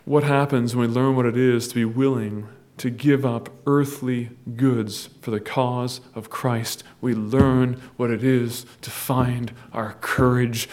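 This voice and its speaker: Impassioned pastor preaching. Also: male voice, medium pitch, steady tone, takes it slowly. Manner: storytelling, building to loud impassioned preaching. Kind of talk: sermon.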